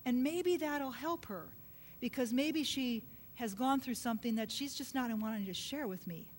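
A middle-aged woman preaching a sermon, telling a personal story earnestly and dropping to a soft hush at emotional points. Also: normal speed. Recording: long hall reverb with faint low rumble.

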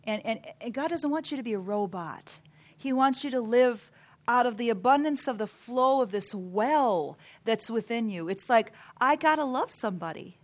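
A woman preaching a sermon, earnest and emphatic, counting off numbered points. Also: on the high side.

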